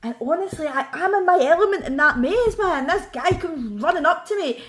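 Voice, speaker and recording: A young Scottish woman telling a lively, laughing story to her mother in casual chat. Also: extremely high pitch, a little fast. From Scotland. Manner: animated, laughing, acts out quotes.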